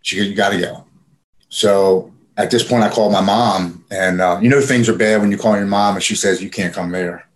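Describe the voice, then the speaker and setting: A man's voice: fairly low pitch, steady tone, normal speed. A man casually telling a personal story in plain, profane speech with frequent fillers. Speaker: guest telling his recovery story.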